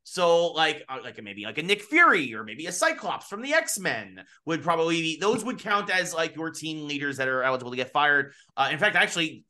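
Bright, animated podcast co-host man. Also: a little high, brisk, hardly any pauses. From United States. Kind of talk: casual podcast chat. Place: home studio in Los Angeles.

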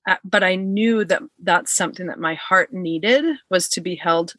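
A woman's voice: fairly low pitch, moderate pace, fairly bright tone, no echo. A woman telling a personal story in casual chat, earnest and heartfelt, acting out what people said. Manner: earnest, heartfelt, acts out quotes.

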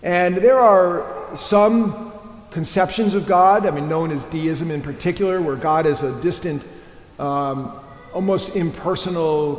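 A man's voice: a little high, a little mellow. A man preaching an earnest, rambling sermon as a priest, often stopping to restart his thoughts. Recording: echoey church hall.

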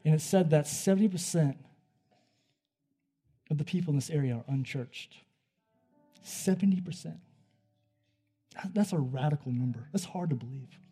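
Soft-edged animated male preacher. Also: on the high side, moderate pace, pauses often, breathy edge, faint music behind. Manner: conversational, animated storytelling that swings from hushed to loud. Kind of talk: sermon with storytelling.

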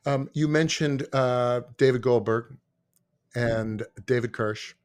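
A man's voice: medium pitch, takes it slowly. Man hosting a casual podcast chat. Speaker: podcast host. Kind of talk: casual interview.

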